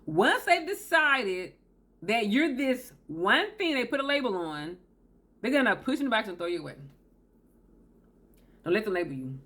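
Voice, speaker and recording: Speaking straight to camera, a woman hosts a self-help video with a fairly high, fairly bright, sing-song voice at a moderate pace, pausing often. She's emphatic, repeats her key phrases, and acts out the people she quotes in this advice talk.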